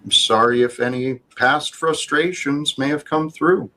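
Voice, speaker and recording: Firm man calming a heated argument. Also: fairly high pitch, unhurried, rough recording. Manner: firm, placating, lecturing. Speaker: guest in a heated debate. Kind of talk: argument, trying to calm things.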